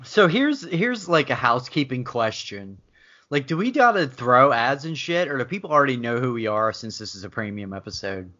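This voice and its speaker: Bright-voiced joking podcast man. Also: mid-range voice, big pitch swings, normal speed. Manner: rambling, joking, swears freely. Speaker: podcast co-host. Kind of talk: casual profane podcast chat. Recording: dull lo-fi sound.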